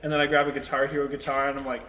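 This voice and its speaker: A young man in his twenties tells a story with lots of likes and curse words. His voice is bright and forward. The recording has a roomy echo with a long hall tail. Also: mid-range voice, monotone, rapid-fire. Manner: rambling, filler-heavy, swears a lot. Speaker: podcast co-host. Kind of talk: casual storytelling chat.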